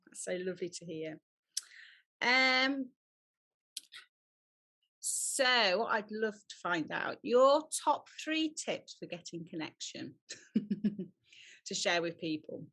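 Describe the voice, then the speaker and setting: Woman host, mid pitch, upbeat and quick to laugh. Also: animated, sharp tone. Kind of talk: interview hosting.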